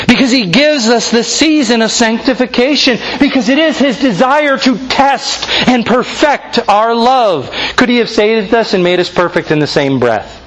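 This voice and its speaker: A man preaching a sermon as a pastor, earnest and emphatic, slowing down to stress key phrases. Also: high voice, fairly bright tone, dull audio.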